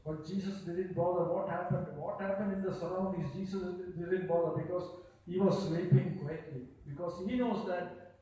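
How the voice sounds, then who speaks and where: A man preaching a sermon, halting and repeating himself, with many fillers and frequent hallelujahs. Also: sits high, fairly even intonation, warm tone. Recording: echoey room, picked up from a distance.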